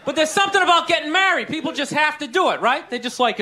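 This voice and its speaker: A man's voice: extremely high pitch, expressive, fast, hardly any pauses, over a noisy crowd, heavy background noise. A young man doing a stand-up comedy routine on a club stage, talking casually and profanely and throwing rhetorical questions at the audience. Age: young adult.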